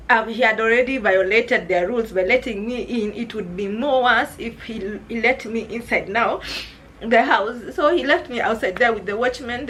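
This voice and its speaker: A woman's voice: on the high side, fairly bright tone, a little hiss or hum, rough recording. A young Kenyan woman with a Kenyan accent telling a personal story in an emotional vlog, often calling her viewers "guys". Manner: emotional, addresses viewers as guys, repeats herself. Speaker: vlogger.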